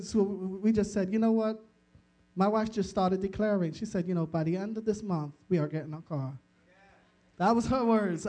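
A man's voice: high voice, darkish tone. A man preaching a sermon, telling a personal story with frequent laughter, acting out conversations and stumbling over restarts. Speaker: pastor.

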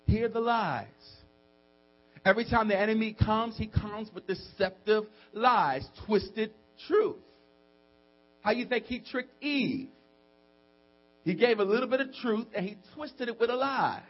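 A man preaching with a high, husky voice, dropping to quiet asides and then rising to shouted outbursts. He acts out friends' voices in little dialogues. The recording is dull and muffled, with mains hum underneath. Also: measured pace. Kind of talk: sermon.

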